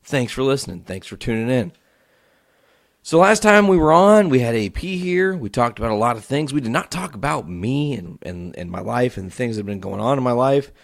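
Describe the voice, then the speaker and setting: A man hosting a solo podcast, telling a story as a profane, animated rant. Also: medium pitch, brisk, creaky, few pauses, dry recording, clean studio sound. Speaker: podcast host.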